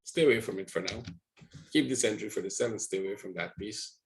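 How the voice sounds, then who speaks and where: A man's voice: on the low side, fast, rough recording. A man teaching trading live, walking viewers through price charts in a rambling way and checking in with them often. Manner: rambling, talks to viewers with frequent "right?". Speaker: trading educator.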